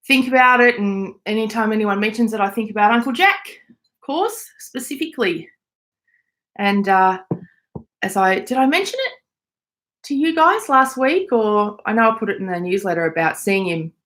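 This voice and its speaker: Female podcast host, Australian accent, relaxed live-chat delivery from home. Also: medium pitch. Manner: chatty, reads out viewer messages.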